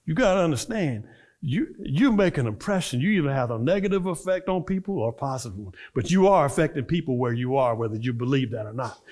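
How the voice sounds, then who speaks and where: Lively, expressive man preaching a sermon. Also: medium pitch, fast. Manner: animated, acts out voices in his stories. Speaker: minister. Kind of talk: storytelling sermon.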